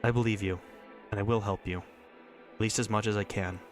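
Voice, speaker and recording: A man's voice: lowish voice, steady tone, fairly quick, soft background music, lightly acted. Man voicing Doug, loyal earnest boy. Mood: resolved. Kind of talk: visual novel reading.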